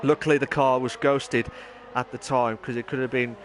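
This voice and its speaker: A man giving chatty live commentary on an online racing league, rambling and then bursting into excited shouts. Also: medium pitch, moderate pace, background noise. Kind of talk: live esports race commentary.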